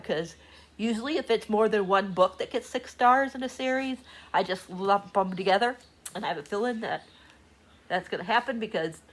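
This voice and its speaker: Gushing excitable woman book vlogger. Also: medium pitch. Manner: gushing, excitable, laughs often. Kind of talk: casual reading vlog chat. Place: home room with door open.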